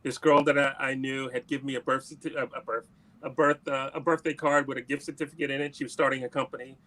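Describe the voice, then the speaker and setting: A man's voice: medium pitch, fast talker. A man in an interview, telling a long story in a casual way and acting out the lines of the people in it. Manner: animated anecdote-telling, acts out quoted dialogue. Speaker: musician guest.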